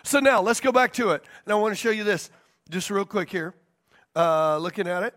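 A pastor teaching a sermon, stressing key points by repeating them and checking in with the congregation. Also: male voice, high-pitched, animated, brisk, fairly bright tone.

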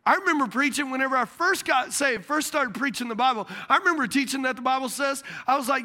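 A man preaching a sermon as a pastor, telling stories in an animated way. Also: extremely high pitch, fast, few pauses.

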